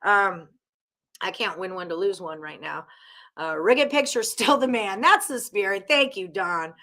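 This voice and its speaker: A woman with a bright, forceful voice at an ordinary pitch hosts a live-stream sports betting show. She chats casually with her viewers, teasing them and rattling off names and scores at an easy clip. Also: unhurried.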